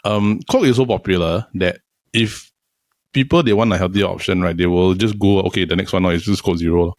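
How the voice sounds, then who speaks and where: Male Singaporean co-host, deep-ish, fast, earnest explainer. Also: no echo, studio quality. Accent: Singaporean English. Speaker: podcast co-host. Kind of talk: casual podcast chat.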